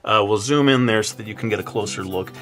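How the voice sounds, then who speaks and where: A man narrating a drawing tutorial in a relaxed, chatty way, with many filler sounds and some self-deprecating asides. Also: fairly low pitch, fast, faint music behind. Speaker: drawing instructor.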